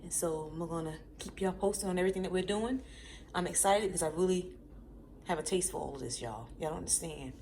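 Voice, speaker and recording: A woman chatting excitedly in a casual cooking vlog, often saying y'all. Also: lowish voice, brisk, vocal fry, a little hiss or hum. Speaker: vlogger. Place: home kitchen with frying food.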